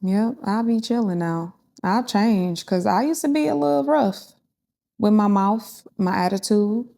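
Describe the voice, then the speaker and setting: A woman speaks as a guest in a casual podcast chat. She talks frankly, often pausing and restarting as she thinks. Her voice sits at a middle pitch for a woman. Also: gravelly, dark tone. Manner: candid, thinks aloud with restarts and fillers. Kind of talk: casual conversation.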